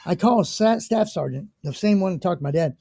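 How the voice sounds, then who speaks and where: Gravelly older American storyteller. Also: male voice, high-pitched, brisk, no echo, clean studio sound. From United States. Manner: animated, swears casually, acts out the people in his stories. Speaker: guest. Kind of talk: conversational storytelling.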